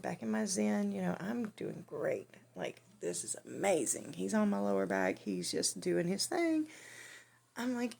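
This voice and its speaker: A woman telling a funny personal story in a casual, animated way, often laughing. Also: medium pitch, gravelly. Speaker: vlogger.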